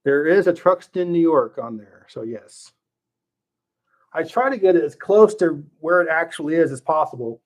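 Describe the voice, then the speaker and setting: With an animated, somewhat high voice at a moderate pace, a middle-aged livestream host responds to viewer questions. His casual thinking-aloud style includes fillers and restarts, heard through slightly dull lo-fi stream sound.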